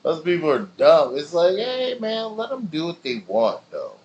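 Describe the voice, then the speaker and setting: A man's voice: on the high side, huge pitch swings, normal speed, a little mellow, highs cut off, slight background noise. Rambling, slangy man chatting on stream. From family in Nigeria. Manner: loose, rambling storytelling with slang and swearing. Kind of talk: casual chat with stream viewers.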